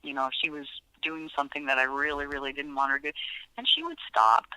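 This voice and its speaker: A woman's voice: low-pitched, level tone, quick pace, pushed and bright, clean tone, no echo, rough recording. A woman animal behaviorist chatting as a podcast guest, telling stories with frequent fillers and restarts. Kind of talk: podcast interview.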